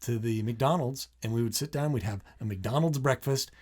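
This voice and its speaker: Middle-aged man, parenting podcast co-host; relaxed, conversational, chiming in with his wife. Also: mid-range voice, moderate pace, breathy edge. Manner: easygoing, reminiscing, finishes his wife's sentences. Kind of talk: casual conversational chat.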